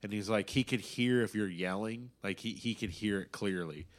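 A man's voice: on the low side, normal speed. Casual, foul-mouthed young man. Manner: swears a lot, rambling and animated when excited. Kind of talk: casual chat.

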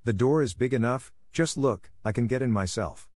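A man's voice: mid-range voice, normal speed, darkish tone, no room sound, studio quality, close to an everyday voice. A man reading the lines of a cruel, greedy old witch in a mocking, commanding way.

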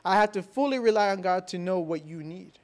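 A man with a high-pitched voice delivers a sermon in church. He leans on repetition and rhetorical questions, punching some lines loudly and pulling others down to a soft, intimate hush. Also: a little fast. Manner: swings between loud declarations and soft, hushed lines. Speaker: pastor.

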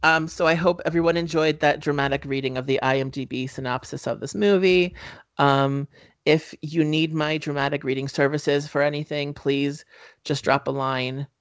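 A man's voice: on the high side, fairly even intonation, moderate pace, dry recording. A man co-hosting a casual movie-review podcast, talking in a loose, rambling way with lots of "um" fillers. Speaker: podcast co-host.

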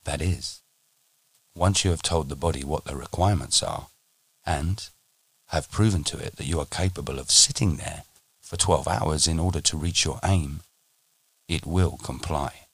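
A man teaching on a podcast, speaking in a measured, deliberate way and slowing down for emphasis. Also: very deep voice, husky, dry recording. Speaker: meditation teacher.

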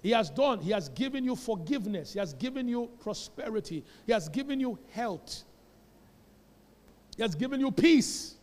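A man's voice: extremely high pitch, lively intonation, moderate pace, darkish tone, long reverb tail. A Nigerian man preaching a sermon as a pastor. He tells stories with Pidgin asides and builds to emphatic calls. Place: church.

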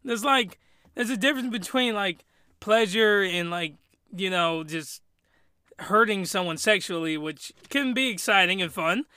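A man hosting a casual solo podcast review, telling it in a crude, rambling, animated way into a podcast microphone. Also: sits high, unhurried, clean tone, dry recording, studio quality. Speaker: podcast host.

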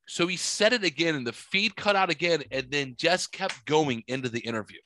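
A man hosts a podcast from his studio, telling animated, profane stories and acting out every voice in them. His voice is bright and sits a little high. The sound is close and dry. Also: a little fast, few pauses, no room sound. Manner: animated, swearing, acts out quotes. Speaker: podcast host. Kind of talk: casual storytelling chat.

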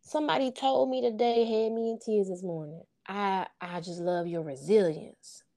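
A single mother speaks as an interview guest about her sons, talking informally and from the heart. Her voice is medium-pitched with a dark tone, fairly even intonation, and normal speed. The chat is casual and heartfelt, earnest, and sprinkled with "you know what I'm saying."

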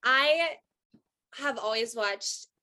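A woman's voice: on the high side, drawn-out words, sharp tone. A young woman in her twenties, a cheerleader guest on a podcast, telling a story in a bubbly, giggly way and acting out her own thoughts. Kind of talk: animated storytelling in an interview.

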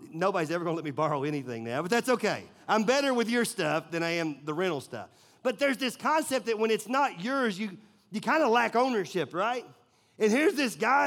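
A man with a notably high speaking voice delivers a sermon. He talks loosely and conversationally, full of "like" and restarts, as if chatting with friends while preaching. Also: fairly bright tone. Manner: casual, conversational storytelling with many fillers. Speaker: pastor.

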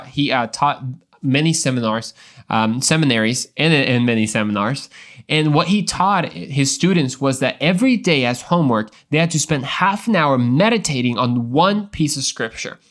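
A man's voice: medium pitch, moderate pace, fairly bright tone. A young adult man hosting a Christian devotional podcast, talking in an earnest, emphatic way with frequent restarts and repeated words. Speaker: podcast host.

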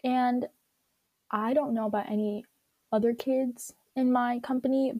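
A woman with a fairly high yet mellow voice rambles through her solo podcast, filling gaps with "like" and "um" and laughing at herself. The recording is dry and close, with no room sound. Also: dry recording. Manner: rambling, giggly, self-deprecating, many "like" and "um" fillers. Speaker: podcast host. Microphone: own recording setup at home.

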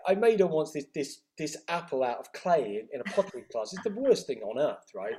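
A middle-aged man tells his life story in an interview, acting out the dialogue with quick reported speech. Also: a little high, sing-song, mellow. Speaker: interview guest. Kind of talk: storytelling in conversation.

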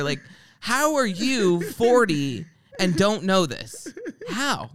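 A man's voice: sits high, normal speed, a crowd in the background. A man hosting a podcast, telling ranting comic stories in casual chat, swearing freely and mimicking the people in them. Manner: animated storyteller, mimics people in his anecdotes. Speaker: podcast host.

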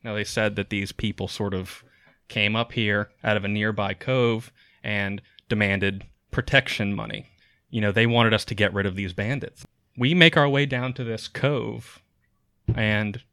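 Forceful game master narrating. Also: male voice, on the low side, a little slow, dry recording, clean studio sound.

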